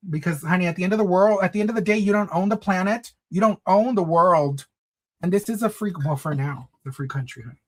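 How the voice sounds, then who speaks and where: Quick-paced and high-voiced, a livestream host keeps the chat casual, sassy and campy. He calls his viewers honey and girl and throws in some Spanish.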